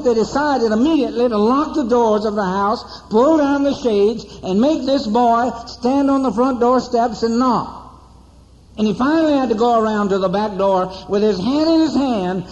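A man preaching a sermon, telling a story with dramatic pauses and repeated rhetorical questions to the congregation. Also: very high voice, a little mellow, a little hiss or hum. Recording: dull, echoey church hall recording.

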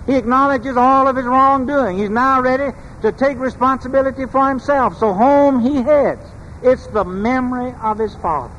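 High-voiced man preaching a sermon. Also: fairly bright tone, dull audio. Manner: measured, emphatic preaching with rhetorical questions. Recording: long hall reverb, faint background noise.

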